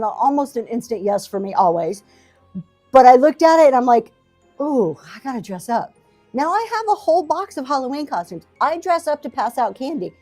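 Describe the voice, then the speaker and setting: Speaking from her home basement to a camera in front of her, a middle-aged livestream seller and talk show host chats casually with viewers in a mellow, slightly high voice. Her manner is rambling, self-deprecating and encouraging, with many fillers, and faint music sits in the background.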